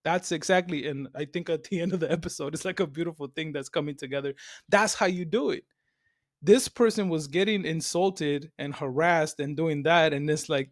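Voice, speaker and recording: Animated, fairly high-voiced man. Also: moderate pace, dry recording, studio quality. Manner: animated storytelling, swears freely, acts out quoted voices. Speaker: podcast co-host. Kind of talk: casual podcast chat.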